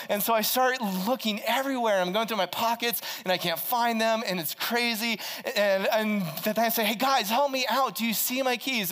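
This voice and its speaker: A man preaching a sermon as a pastor, telling a personal story in an animated way, with frequent restarts and stammers. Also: sits high, big-room sound. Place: church.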